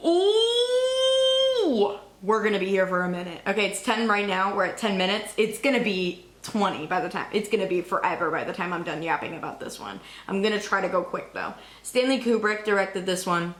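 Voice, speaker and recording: A young woman vlogging in a casual, rambling, excitable way, cursing now and then. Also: medium pitch, reverberant. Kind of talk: casual chat.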